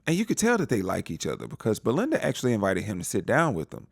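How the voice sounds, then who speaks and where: A man with a lowish voice recaps a TV episode in casual, animated talk. His intonation swings widely as he jumps into little impressions of each character. The sound is dry and close, with no room around it. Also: fast, gravelly, no room sound. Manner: animated, acts out characters' lines in playful voices. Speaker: TV recap reviewer.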